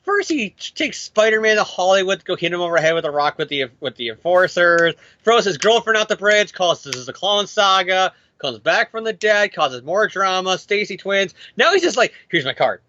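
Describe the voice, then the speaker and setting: A man co-hosting a casual comic book chat, ranting with profane, fast asides. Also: high voice, lively intonation, sharp tone, dry recording. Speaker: podcast co-host. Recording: dull dry lo-fi mic.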